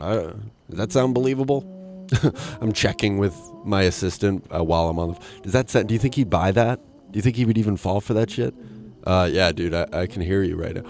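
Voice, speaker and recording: A man's voice: fairly low pitch, moderate pace. A young man hosting a solo comedy podcast, rambling and self-mocking with many restarts. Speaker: podcast host.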